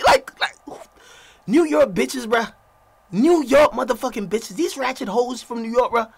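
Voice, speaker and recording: A man streaming a reaction video, ranting profanely with loud asides. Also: very high voice, very animated, a little slow, slightly rough.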